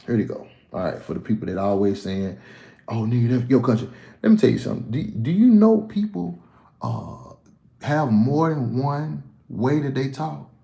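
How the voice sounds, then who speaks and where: Casting note: mid-pitched Southern man, casual livestream Q&A, loose and cussing, plenty of restarts, echoey room. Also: sing-song, measured pace, creaky, warm tone. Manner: blunt, profane, rambling with frequent restarts. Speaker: comedian answering viewer questions.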